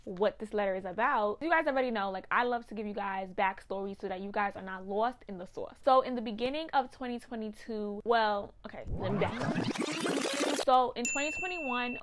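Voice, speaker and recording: A woman's voice: on the high side, fairly bright tone. A woman talking casually to camera in a vlog, chatty and emotional, often calling her viewers "you guys". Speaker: vlogger.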